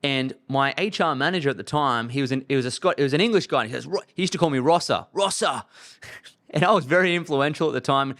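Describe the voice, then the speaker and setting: A man's voice: mid-range voice, fast talker, a bit bright. A man in his thirties delivering blunt, emphatic money advice as a show host.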